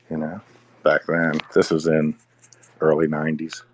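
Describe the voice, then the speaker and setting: A man's voice: extremely low pitch, completely flat delivery, normal speed. A middle-aged man in casual podcast chat, rambling, repeating words and sighing between thoughts.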